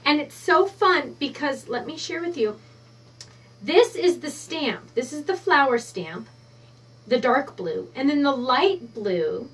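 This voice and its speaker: A woman hosting a stamping craft tutorial, bubbly and excitable, gushing as she demonstrates at her work counter. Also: a little high, recorded from a distance. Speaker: craft show host. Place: craft studio at counter height.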